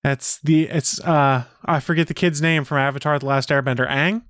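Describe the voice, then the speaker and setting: A man co-hosting a casual podcast, with a smooth, clear voice at an average pitch. He speaks in a laid-back, matter-of-fact way, recorded close and dry. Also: fairly even intonation, moderate pace, a bit bright, no echo. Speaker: podcast co-host.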